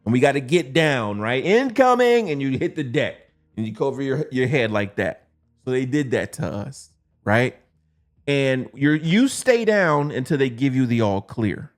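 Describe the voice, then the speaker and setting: A man's voice: mid-range voice, animated, normal speed. A man in his forties, an army veteran, casually telling a profane story and laughing as he acts out quotes. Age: 40s.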